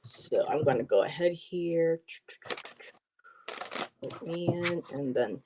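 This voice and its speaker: In a low-pitched voice with lively intonation and a slow pace, this livestream co-host reads tarot cards aloud over a noisy background. She chats warmly with viewers, sprinkling casual asides between the card text.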